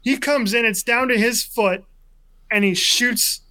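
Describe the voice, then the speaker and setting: A man co-hosting a sports talk show, telling a story in a chatty, animated way. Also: very high voice, measured pace. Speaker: sports radio co-host.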